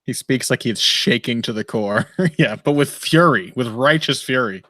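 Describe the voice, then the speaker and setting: A man's voice: mid-range voice, moderate pace, sharp tone, no echo. A man hosting a casual live fight commentary stream, rambling and wry, swearing freely and laughing often. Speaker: podcast host. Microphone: headphones and desk mic.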